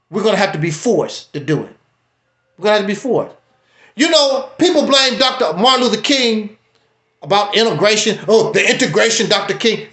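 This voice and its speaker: A man hosting a livestream, talking in a casual, preachy, emphatic way with wide swings in pitch. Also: sharp tone, roomy sound. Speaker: livestream host. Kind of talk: casual commentary.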